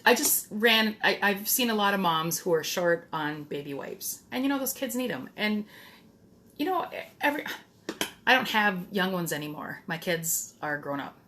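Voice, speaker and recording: A woman's voice: mid-range voice, sing-song, moderate pace, sharp tone, a little hiss or hum. A middle-aged woman talking casually to the camera in a DIY vlog, chatty and blunt, with some mild swearing. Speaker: DIY vlogger.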